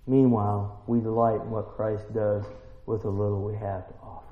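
A man preaching a sermon, emphatic and full of rhetorical questions, building to excited peaks. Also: lowish voice, normal speed. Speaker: pastor. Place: church. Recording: roomy church, dull lo-fi sound.

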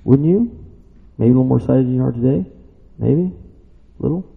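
Gravelly preacher man in a reverberant hall. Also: brisk. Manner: animated, swings from loud excited shouts to low quiet asides; asks the listeners questions. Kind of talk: sermon. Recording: dull sound with long reverb in a hall.

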